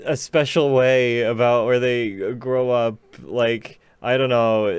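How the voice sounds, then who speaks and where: A man co-hosting a casual podcast chat, speaking in a deadpan, sarcastic way. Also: mid-range voice, takes it slowly, few pauses, clean tone, no room sound.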